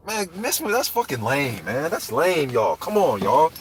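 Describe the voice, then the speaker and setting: A man's voice: fairly high pitch, huge pitch swings, unhurried, husky. A man ranting heatedly and profanely about boxing, talking straight to viewers in a live chat. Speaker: boxing commentator. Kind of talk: ranting live stream commentary.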